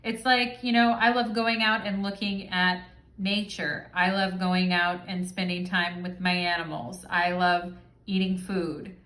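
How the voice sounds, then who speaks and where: A woman's voice: lowish voice, level tone, a little slow, fairly bright tone. A woman doing a casual tarot reading, chatty and informal, checking in with "okay?" and swearing now and then. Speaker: tarot reader. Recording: roomy echo.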